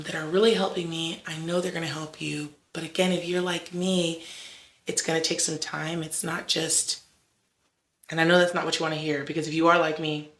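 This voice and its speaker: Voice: mid-range voice, a bit bright. A host giving a casual devotional talk in a conversational way, often adding "like" and "right?". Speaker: faith vlog host. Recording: roomy echo.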